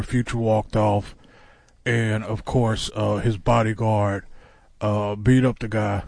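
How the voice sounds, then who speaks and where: A man's voice: lowish voice, creaky, dry recording. A man in his fifties hosting a casual radio show from a studio, talking in a laid-back, drawling way with lots of fillers. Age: 50s.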